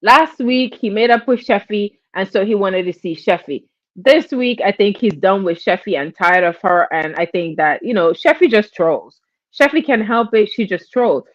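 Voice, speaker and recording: A woman hosting a live stream, telling gossip in a chatty, animated way and acting out quotes. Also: medium pitch, dry recording, muffled recording. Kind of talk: casual gossip commentary.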